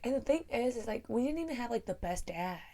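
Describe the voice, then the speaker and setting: A young woman co-hosting a podcast, telling stories earnestly with lively emphasis. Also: on the high side, quick pace, slight background noise. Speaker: podcast co-host. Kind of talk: casual conversation.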